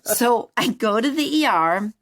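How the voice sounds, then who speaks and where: Animated middle-aged woman telling a story. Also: fairly high pitch, unhurried. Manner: animated, self-mocking storyteller who acts out quotes. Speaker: podcast host. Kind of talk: casual storytelling chat.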